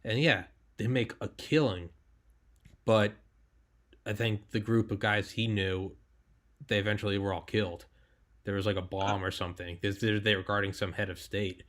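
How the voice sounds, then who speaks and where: A man hosting a podcast in loose, animated talk, swearing freely and leaning hard on "like". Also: lowish voice, moderate pace. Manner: animated, profane, heavy use of "like". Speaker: podcast host. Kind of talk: casual podcast chat.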